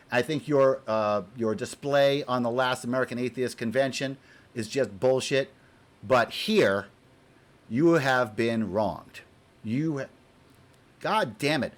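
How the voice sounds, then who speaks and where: A man giving a heated, profane opinion rant to camera. He is exasperated, repeats himself when worked up, and swings between loud outbursts and muttered asides. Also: mid-range voice. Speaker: video blogger.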